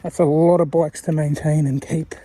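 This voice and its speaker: A man's voice: on the high side, flat delivery, normal speed, dark tone. A man chatting in a rambling, wandering way while he walks, talking to a channel owner he admires. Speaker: viewer sending a video message. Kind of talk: rambling casual monologue.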